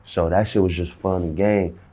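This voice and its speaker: A man's voice: sits low, steady tone, moderate pace, warm tone. A man in a casual interview, telling a story heavy with slang and acting out the dialogue himself. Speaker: interview guest.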